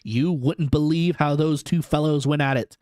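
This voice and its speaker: A man's voice: a little high, steady tone, normal speed, a little mellow, dry recording. A man streaming a live storybook reading, narrating expressively into a close microphone.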